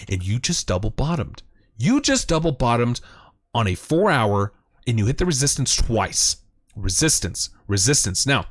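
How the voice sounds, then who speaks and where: A man hosting a crypto chart show, giving excited commentary, hyped and emphatic, repeating phrases and jumping up in pitch when thrilled. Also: no echo, studio quality. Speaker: crypto chart analyst host.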